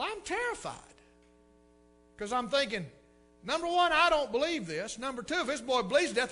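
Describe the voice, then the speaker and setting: A man with a drawl preaches from the pulpit, spinning a homespun story with a high, bright voice that rises and dips in lively swings. Soft guitar plays faintly behind him. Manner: folksy, animated storytelling with repeated words. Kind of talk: sermon storytelling.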